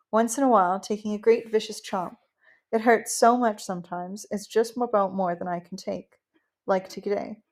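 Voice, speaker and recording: A woman narrating a first-person novel as an audiobook in an emotional, heartfelt, expressive way. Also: medium pitch.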